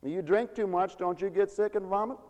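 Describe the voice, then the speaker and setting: A man preaching a sermon with animated, folksy storytelling. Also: high voice, normal speed, in a large hall, muffled recording.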